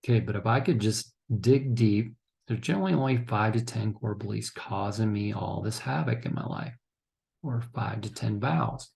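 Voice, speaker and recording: A man teaching counselors in a low, gravelly voice with a dark, mellow tone. He lectures in an instructive way, keeps checking in with "okay?", and sometimes acts out what couples say to each other. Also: normal speed. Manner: acts out couples' lines in quotes. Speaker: counseling trainer. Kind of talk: recorded training lecture.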